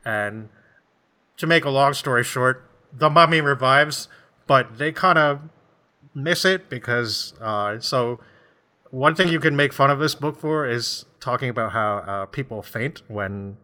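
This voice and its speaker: Bright-voiced man rambling about a book. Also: mid-range voice, lively intonation, unhurried. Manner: rambling, laughs often, acts out voices. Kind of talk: casual chat.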